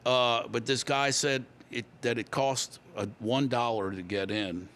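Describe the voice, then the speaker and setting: An older man from Louisiana, in his sixties, settles into a long story as a guest on an interview show. His talk meanders at an easy pace, full of fillers and small restarts, in a voice of average pitch for a man. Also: fairly even intonation, a bit bright, slight background noise. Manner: rambling, unhurried, many fillers. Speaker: guest musician.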